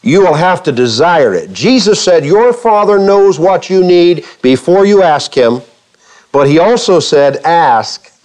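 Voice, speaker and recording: A man's voice: fairly high pitch, lively intonation, unhurried, a little mellow. A man preaching a sermon to a church congregation, firing rhetorical questions at the listeners and acting out quoted speech with a touch of humor. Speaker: pastor.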